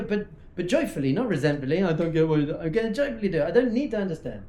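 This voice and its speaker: A rabbi teaching in a lively, conversational way. His voice sits fairly high for a man but sounds mellow, with noticeable echo from the room. He keeps slipping into little acted-out dialogues to make his points. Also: very fast, few pauses. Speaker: rabbi giving a talk. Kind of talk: informal teaching talk. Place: talk hall at a yeshiva. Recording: echoey room.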